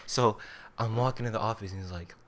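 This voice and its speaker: A man's voice: lowish voice, rapid-fire, a little hiss or hum. A young man in his late teens telling a story in a casual, rambling way, with lots of fillers. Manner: rambling, filler-heavy "like" delivery. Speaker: vlogger.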